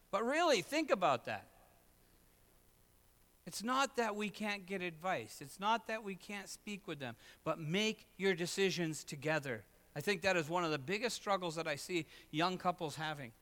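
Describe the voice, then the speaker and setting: A middle-aged pastor preaches a sermon, shifting back and forth between loud, emphatic lines and low, quiet asides.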